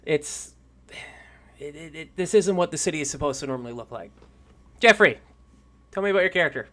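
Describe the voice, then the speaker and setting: A man narrating a tabletop game as game master, pausing often with filler sounds. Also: on the high side, animated, a bit bright. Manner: halting, lots of "um" pauses.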